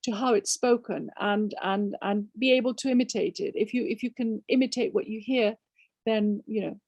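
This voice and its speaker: A woman's voice: mid-range voice, moderate pace, vocal fry, darkish tone, no room sound, highs cut off. An older woman author from Spain, answering audience questions emphatically with rhetorical questions and frequent restarts. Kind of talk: conversational Q&A.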